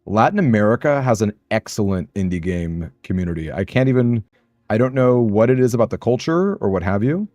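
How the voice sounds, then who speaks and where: A man's voice: lowish voice, animated, a little fast, darkish tone, no room sound. A man streaming a game, chatting with viewers in a rambling, self-deprecating way and laughing often. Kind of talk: casual live-stream chat while gaming.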